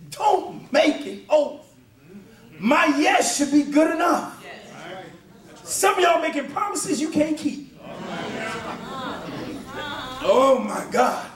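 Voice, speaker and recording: A man preaching a sermon in a church, emphatic and often shouting, with a chanting "uh" between phrases. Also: very high-pitched, very animated, takes it slowly, long pauses. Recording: echoey church, mic far off.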